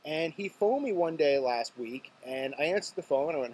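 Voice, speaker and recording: A man's voice: a little high, expressive, fairly quick, few pauses, darkish tone. A man from Nova Scotia, hosting his vlog in a chatty, joking storytelling way. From Nova Scotia, Canada. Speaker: vlog host. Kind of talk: casual talk to camera.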